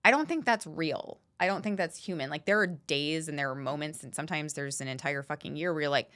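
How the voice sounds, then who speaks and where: A woman's voice: deep voice, fairly quick, a bit bright. A woman guest on a podcast, talking candidly and bluntly, swearing freely and stressing her points. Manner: frank, swears freely, emphatic. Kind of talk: candid conversational talk.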